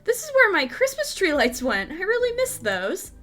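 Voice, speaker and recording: Giggly high-voiced woman gaming. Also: wildly swooping pitch, moderate pace, a bit bright. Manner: chatty, giggly, playful. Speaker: gaming video host. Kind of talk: casual let's play commentary, reading dialogue aloud.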